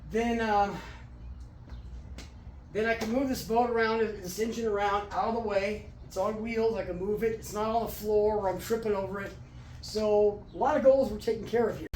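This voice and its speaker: A man hosting a casual workshop vlog in his home garage, talking in a rambling, halting way with many restarts, a little out of breath. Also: sits high, steady tone, a little mellow, roomy sound, a little hiss or hum. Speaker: garage channel host.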